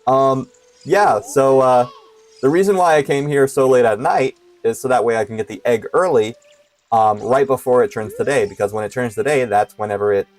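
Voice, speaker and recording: A man's voice: mid-range voice, normal speed, faint music behind. A young man giving casual commentary while playing a video game, hesitant and full of filler words. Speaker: streamer.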